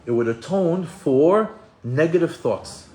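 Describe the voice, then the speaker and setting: Male Torah teacher, animated, slightly higher voice, echoey room with faint ambience. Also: slow. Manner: animated, acts out quoted voices, many restarts. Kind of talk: Torah class sermon.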